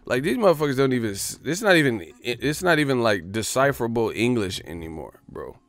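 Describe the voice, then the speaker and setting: Gravelly, animated male show host. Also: medium pitch, brisk. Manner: blunt, profane, animated. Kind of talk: casual commentary.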